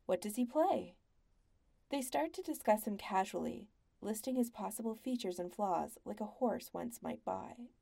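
A woman narrating a story in an even, measured audiobook style. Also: mid-range voice, vocal fry.

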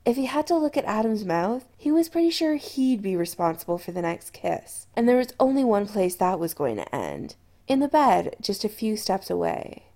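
A woman narrating a story aloud in an expressive, storytelling manner. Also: medium pitch, moderate pace. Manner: expressive storytelling with lively intonation. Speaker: audiobook narrator. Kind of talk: scripted narration.

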